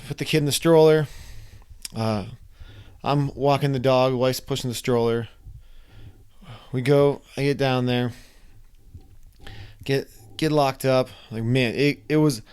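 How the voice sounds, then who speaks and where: A young man casually telling a personal story, animated and acting out his own reactions. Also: medium pitch, unhurried, long pauses, smooth. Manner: animated, acts out his own screams and quotes.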